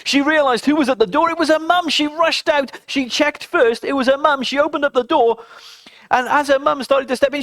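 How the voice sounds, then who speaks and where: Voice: high-pitched, brisk, dry recording, clean studio sound. A children's club storyteller telling a Bible story and speaking directly to the kids. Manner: animated, addresses children directly.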